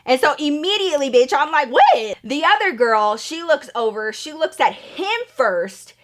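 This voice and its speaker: A woman's voice: high voice, expressive, normal speed, a bit bright. A young woman vlogger telling a dramatic story in a sassy, profane, casual way. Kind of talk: storytime vlog.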